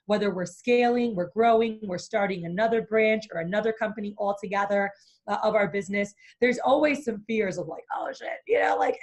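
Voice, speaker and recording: A woman business coach being interviewed, talking energetically and acting out the inner voices of fear. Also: fairly high pitch. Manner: animated, acts out inner voices.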